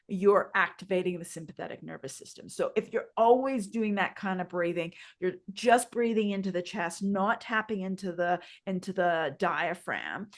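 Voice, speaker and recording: A woman yoga teacher co-hosting a podcast, explaining breathing in a guiding way and asking her listeners questions. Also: medium pitch. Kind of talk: instructive podcast chat.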